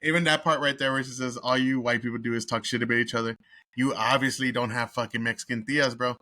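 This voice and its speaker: A man's voice: medium pitch, fairly even intonation, fast, sharp tone, a little hiss or hum. A man from Texas reviews a film in a casual, profane rant, blunt and mocking. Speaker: movie reviewer host.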